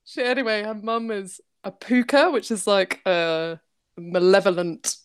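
A woman's voice: medium pitch, steady tone, measured pace, clean tone, dry recording, clean studio sound. A woman, a comic artist, chatting casually as a guest, laughing often and swearing freely. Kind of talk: casual chat.

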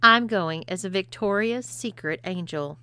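A woman doing a timid young man, glum and half asleep. His replies are sulky and meek, with a bright tone from the woman reading him. It sounds like a storybook read aloud. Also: mid-range voice, measured pace, clear, resonant tone, no echo. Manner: sleepy and sulky.

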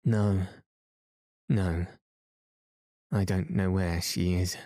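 A brave young man takes charge and shouts directions, played by a man narrating a storybook. The voice is low and mellow, with a narrow, even pitch and a dry sound. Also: extremely slow, dry recording. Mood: gentle. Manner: urgent, commanding.

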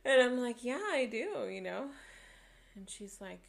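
A young woman co-hosting a podcast in casual chat, telling a story softly and rambling with fillers. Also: a little high, moderate pace, creaky. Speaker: podcast co-host.

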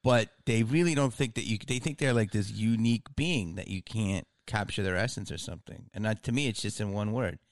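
A man's voice: lowish voice, a little fast, hardly any pauses, dry recording, studio quality. A man hosting a casual comedic chat, rambling and swearing, often laughing.

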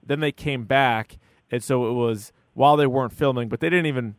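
A man's voice: mid-range voice, a little fast, dry recording, studio quality. A man co-hosting a podcast, chatting casually and acting out what people said, with lots of "like". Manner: chatty, peppered with "like", acts out quotes. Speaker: podcast co-host. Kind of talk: casual chat about a true-crime series.

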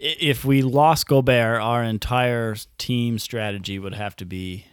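A man's voice: medium pitch, steady tone, a little slow, clear, resonant tone, dry recording, clean studio sound. A man co-hosting a casual sports podcast, agreeable and upbeat, steering the talk to new topics. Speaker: podcast co-host.

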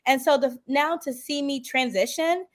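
Woman guest, bright high register, lively raconteur who performs the dialogue in her anecdotes, casual interview. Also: normal speed. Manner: animated storytelling, acting out quoted dialogue; emphatic, swings up sharply when excited. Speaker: reality show contestant guest.

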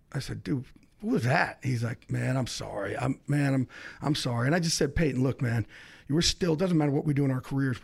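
A middle-aged man, a sports insider, telling a story as a podcast guest with fast, excitable delivery, acting out the other people in it. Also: medium pitch, creaky, slightly rough. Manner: fast, excitable, acts out quoted voices. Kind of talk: animated storytelling.

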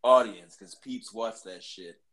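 A man and army veteran telling stories in casual talk, swearing constantly in an animated, profane way. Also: on the low side, a little slow, poor audio. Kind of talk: casual storytelling.

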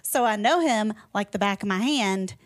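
A woman's voice: medium pitch, normal speed, no room sound. A woman in her thirties co-hosting a casual podcast chat, telling funny stories and laughing often. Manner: giggly, laughs often, animated storyteller. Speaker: podcast co-host.

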